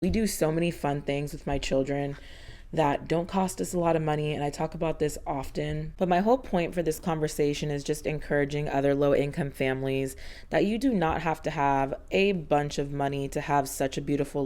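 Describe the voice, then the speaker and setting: Woman in her thirties, deep low voice, chatty voiceover, a little out of breath, earnest and upbeat. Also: brisk, darkish tone. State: slightly out of breath. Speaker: homemaking vlogger. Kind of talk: casual voiceover narration.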